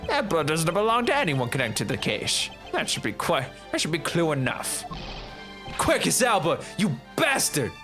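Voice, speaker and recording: A man voices a hot-headed male agent who barks threats with a raised, lively pitch. He is brash and forceful in this game fan dub. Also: normal speed, over music. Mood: fierce.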